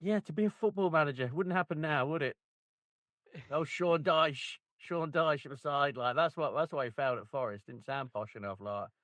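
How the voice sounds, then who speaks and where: A man's voice: a little high, fairly bright tone, no echo. A man co-hosting a casual chat about a football book, trading wry jokes. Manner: wry banter, quick jokes. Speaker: podcast co-host.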